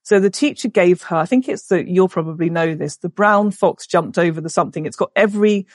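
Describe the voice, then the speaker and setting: A woman's voice: lowish voice, dry recording, studio quality. Emotional woman telling a family story. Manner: emotional, halting, with many restarts. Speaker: guest. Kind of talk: personal storytelling in a podcast interview.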